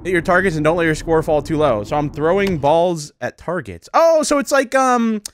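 A man playing a VR game and giving casual, excitable, self-mocking commentary. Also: a little high, moderate pace, slight background noise. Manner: excitable, self-mocking, frequent laughs and exclamations. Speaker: gaming YouTuber. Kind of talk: casual let's-play commentary. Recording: commentary over loud game music.

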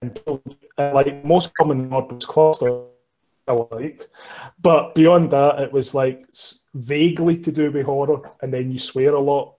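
A man's voice: mid-range voice, steady tone, measured pace, dark tone, soft background music, poor audio. A man with a Scottish accent, a podcaster guest telling stories in casual chat, swearing freely and laughing at himself. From Scotland. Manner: swears freely, laughs often, self-mocking storyteller.

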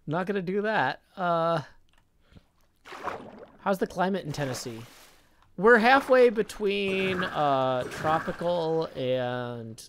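A man's voice: high-pitched, expressive, slow, pauses often, a bit bright, a little hiss or hum. A man chatting casually while gaming on a live stream, reading viewer comments aloud in an easygoing, self-mocking way.

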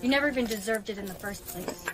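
A text-to-speech female voice reading a wary, heartbroken teenage schoolgirl in a short skit, with a flat, synthetic delivery. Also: mid-range voice, fast talker, heavy background noise, natural voice. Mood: guarded.

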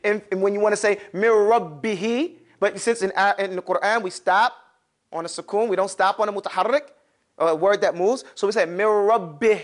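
A man with a high-sitting voice talks fast while leading a lesson on Arabic letters. He's animated, calls students by turn, answers questions he poses, and slips in slangy remarks.

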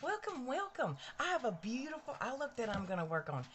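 A woman's voice: a little high, very animated, quick pace, a little hiss or hum. A woman hosting a casual live stream from her bedroom, chatty and bubbly, greeting viewers by name. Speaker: livestream host. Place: bedroom at home.

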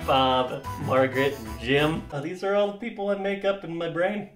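A man with a high voice jokes his way through a product review, swearing constantly and laughing at his own bits. He sounds like he is in an echoey room with faint music underneath. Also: fairly even intonation, measured pace. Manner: profane, joking, laughs often. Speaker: YouTube host.

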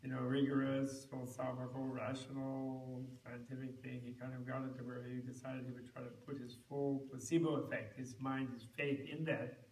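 A man teaching at a meditation retreat, telling stories in a rambling, halting way with many restarts. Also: medium pitch, level tone, darkish tone, a little hiss or hum. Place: retreat center hall. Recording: roomy hall, recorded from far off.

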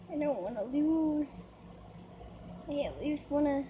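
A woman's voice: high voice, expressive, slow pace. A woman giving chatty gameplay commentary, easily startled and squealing when things go wrong. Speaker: gamer. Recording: dull lo-fi mic, faint noise.

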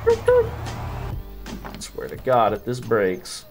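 Lively, slangy man joking through gameplay. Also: mid-range voice, measured pace, long pauses, soft background music. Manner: slangy, profane, jokey banter with game characters. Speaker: gameplay commentator. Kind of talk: casual gameplay commentary.

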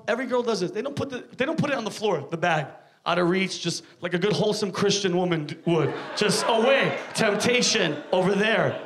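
This male comic's voice is high-pitched and fairly bright as he curses and rants his way through a live club set, acting out characters and trading riffs with the crowd.

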